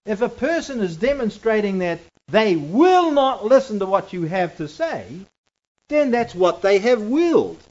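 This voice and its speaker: A man teaching through scripture in a conversational sermon, emphatic and swinging between loud and hushed. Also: high voice, sing-song, a little slow. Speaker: Bible teacher. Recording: dull lo-fi recording.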